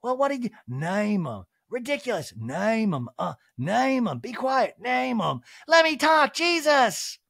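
A man's voice: sits high, very animated, unhurried, gravelly, few pauses, husky, no echo, studio quality, pitched above the performer's own voice, full character voice. A man voicing an agitated, defensive woman reality star with clipped replies.

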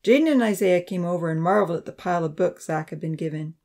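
A man narrating a Christian youth novel in a steady, clear storytelling voice. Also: high-pitched, fast. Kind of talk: audiobook narration.

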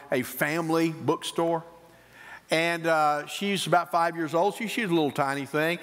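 A middle-aged man preaching a sermon as a pastor, telling stories with lively, acted-out quotes. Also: a little high. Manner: animated storytelling preacher, acts out quoted voices. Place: church sanctuary. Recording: church hall reverb.

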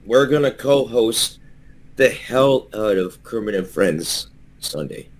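A man's voice: lowish voice, expressive, slow, a little hiss or hum. A man ranting angrily and profanely during a heated livestream argument. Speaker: streamer guest.

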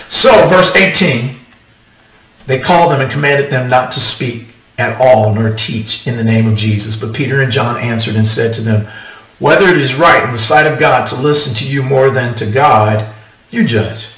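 A man preaching an animated, emphatic sermon, firing off rhetorical questions to his congregation. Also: medium pitch, echoey room, distant mic, low-quality recording. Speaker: pastor.

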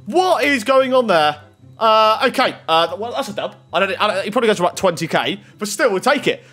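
High, lively gamer, husky-voiced. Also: male voice, fast talker. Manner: excitable, bursts into shouts over big pulls. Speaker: gaming YouTuber. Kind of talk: pack-opening gaming commentary.

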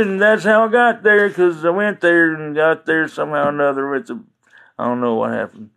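A man's voice: high voice, normal speed, creaky, fairly bright tone. A man hosting a livestream from home, chatting in a folksy, joking way and losing his train of thought. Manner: folksy, joking, easily sidetracked. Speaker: livestream host. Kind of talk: rambling live-stream chat.

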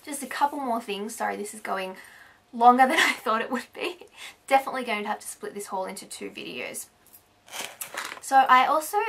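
An Australian woman beauty vlogger chatting casually through a haul, rambling and correcting herself, a little hoarse as she is losing her voice. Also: fairly high pitch, a bit bright, slight background noise. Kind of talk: casual haul video chat.

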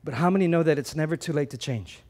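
A man preaching a sermon as a pastor, conversational and animated, often repeating words and swinging between loud emphasis and soft asides. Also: fairly high pitch, fast talker.

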